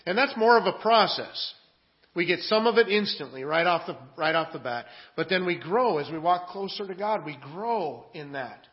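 A man's voice: sits high, expressive, normal speed. Earnest preacher man, lo-fi audio. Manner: earnest preaching, swings from quiet asides to loud emphatic scripture reading. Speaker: pastor. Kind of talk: sermon.

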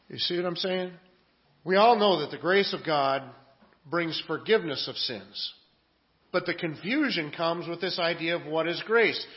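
A man preaching a sermon in an earnest style, moving from quiet asides to loud, emphatic readings of scripture. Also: a little high, muffled recording. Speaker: pastor.

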